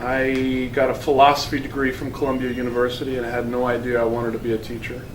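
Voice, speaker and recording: A man's voice: medium pitch, monotone. A man in his thirties chats about himself in a loose, casual way, now and then stopping and restarting. He sounds set back from the mic in an echoing space, with a faint hiss behind him. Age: 30s. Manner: casual, chatty, with halting restarts. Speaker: teacher. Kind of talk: interview about his career. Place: school building. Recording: roomy and distant with faint noise.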